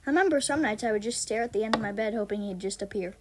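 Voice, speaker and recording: A woman's voice: medium pitch, rapid-fire, noisy background. A young woman casually reading a comic aloud, giggling and doing the characters' voices.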